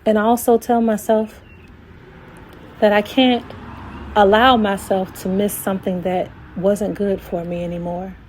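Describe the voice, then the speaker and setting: Slow, emphatic woman giving affirmations. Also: mid-range voice, little pitch movement, a little mellow, a little hiss or hum. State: emotional, voice dropping to a whisper. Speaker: life coach. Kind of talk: reflective voice note.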